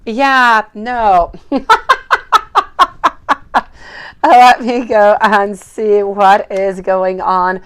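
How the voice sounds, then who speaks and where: A woman's voice: medium pitch, level tone, drawn-out words, few pauses, clear, resonant tone. A woman hosting a live tarot reading stream, chatting casually and greeting viewers by name with affectionate words. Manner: warm, chatty greetings to viewers by name, calls them sweetie. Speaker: tarot reader hosting a livestream.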